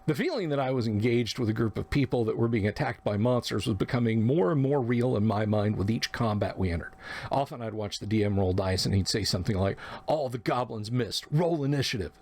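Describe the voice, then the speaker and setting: A man's voice: lowish voice, quick pace, darkish tone. Man narrating a gaming memory. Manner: reflective, acts out quoted lines. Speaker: podcast narrator. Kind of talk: storytelling memoir.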